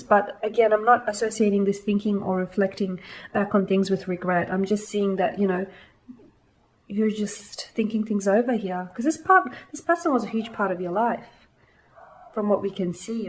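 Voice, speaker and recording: A woman's voice: medium pitch, low-quality recording. A woman giving a casual tarot reading to her viewers, reassuring and repeating that she feels and sees things in the cards. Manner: reassuring, repeating "I feel like" and "I'm seeing". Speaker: tarot reader.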